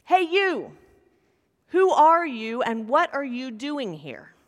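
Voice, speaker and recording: A woman's voice: medium pitch, normal speed, a bit bright, lightly acted. A woman preacher voicing a suspicious male Roman guard who barks his questions in a raised voice. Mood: challenging. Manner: barked challenges, raised voice. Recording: long reverb of a large hall.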